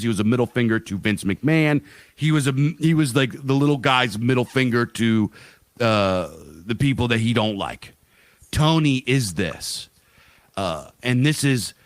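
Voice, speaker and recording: A man of middle pitch talks loosely on a podcast, rambling, swearing freely and slipping into quick voiced asides. The sound is dry and close, with no room around him. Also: dry recording. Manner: rambling, profane, animated storytelling with voiced asides. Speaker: podcast co-host. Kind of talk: casual podcast chat.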